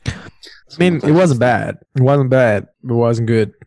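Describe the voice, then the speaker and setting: A man's voice: medium pitch, expressive, unhurried, a little mellow, slight background noise. A young man in casual, rambling conversation as a podcast co-host, swearing freely. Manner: laid-back, rambling, swears often. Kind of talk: casual chat.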